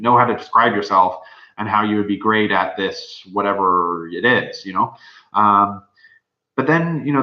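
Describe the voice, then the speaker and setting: A young man, a medical student, giving rambling, informal advice with many fillers. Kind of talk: casual advice talk. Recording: dull, roomy low-fi recording.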